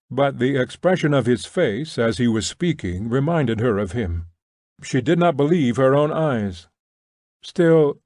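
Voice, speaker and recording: Brief: male narrator, middle pitch, measured novel reading, dry close sound. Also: darkish tone, no echo. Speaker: audiobook narrator. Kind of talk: scripted narration.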